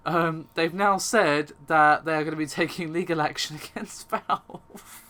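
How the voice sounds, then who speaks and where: A man's voice: on the high side, fairly even intonation, normal speed, sharp tone. A man hosting a casual tech podcast, wry and often laughing as he tells a story. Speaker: podcast host.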